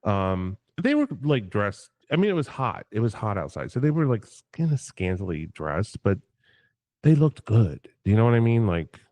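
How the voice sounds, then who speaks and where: Male guest, lower register, profane and animated raconteur; dry close-mic chat. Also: moderate pace, dry recording. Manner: animated, profane, acts out quotes. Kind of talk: casual livestream storytelling.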